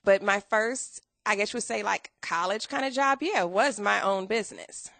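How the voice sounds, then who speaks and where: A woman in her thirties, a guest telling her story in a casual interview, animated and acting out quoted dialogue. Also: medium pitch, moderate pace, vocal fry, dry recording.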